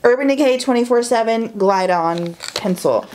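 A woman chatting excitedly through a beauty haul, gushing and saying "like" and "y'all" a lot. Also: a little high, moderate pace, noisy background. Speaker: beauty vlogger. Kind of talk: casual haul chat.

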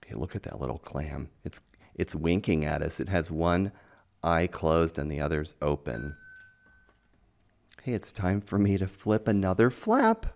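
A man's voice: low voice, sing-song, unhurried, vocal fry. A man reading a children's picture book aloud in a playful, chatty, enthusiastic way.

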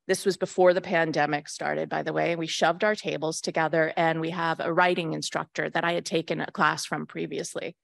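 A woman's voice: lowish voice, creaky, no echo, studio quality. A middle-aged woman giving a candid, reflective personal talk to a community gathering. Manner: candid, reflective storytelling with quoted asides. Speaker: speaker at a secular community gathering.

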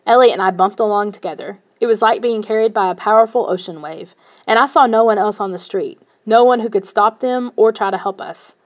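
A woman narrating a first-person children's novel in a steady storytelling manner. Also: mid-range voice, fairly quick. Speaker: audiobook narrator.

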